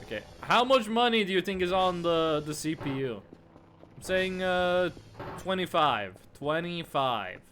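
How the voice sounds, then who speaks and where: A man's voice: high-pitched, moderate pace, a bit bright, a little hiss or hum. A young man live-streaming a game, chatting casually and rambling through stories with lots of fillers into a desk mic at his home setup. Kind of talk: casual live-stream chat while gaming. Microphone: desk mic with webcam on monitor.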